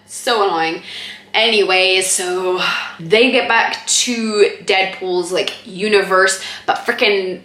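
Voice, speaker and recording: A woman's voice: mid-range voice, takes it slowly, fairly bright tone. Rambling, sarcastic woman in an echoey room. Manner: rambling and sarcastic, heavy on "like" and "freaking"; laughs often mid-sentence. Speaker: movie reviewer. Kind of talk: casual spoken movie review.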